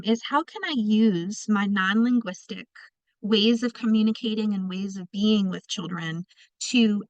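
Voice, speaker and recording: Woman, webinar presenter, conversational, talks to her audience, medium pitch, dry close sound. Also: no room sound, muffled recording. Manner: conversational, addresses participants and the chat directly. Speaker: presenter of a teacher training webinar. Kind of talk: online training presentation.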